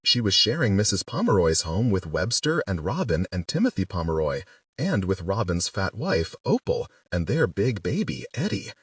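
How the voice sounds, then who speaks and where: A man narrating a novel as an audiobook, in an expressive storytelling manner. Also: low-pitched, moderate pace, no room sound, far from the mic.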